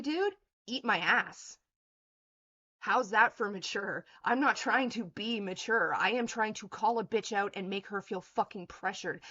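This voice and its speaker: A woman's voice: mid-range voice, sharp tone, dull audio. A woman in her thirties on a livestream, ranting in a blunt, profane, confrontational way. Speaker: streamer.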